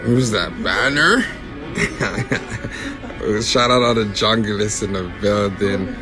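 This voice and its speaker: A man's voice: on the low side, slow, music in the background. A man ranting and taunting on a phone livestream, breaking into sing-song chants. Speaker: rapper on a livestream. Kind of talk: rowdy livestream rant.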